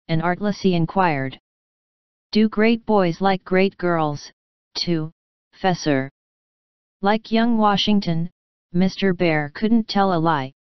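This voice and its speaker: A woman reading a classic novel aloud as narrator, in a measured, even storytelling manner. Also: on the low side, clean tone, no room sound, dull audio. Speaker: audiobook narrator.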